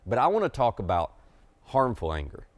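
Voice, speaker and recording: A man's voice: mid-range voice, wildly swooping pitch, a little fast, no echo. A middle-aged man preaching a conversational sermon to camera as pastor, confiding and emphatic.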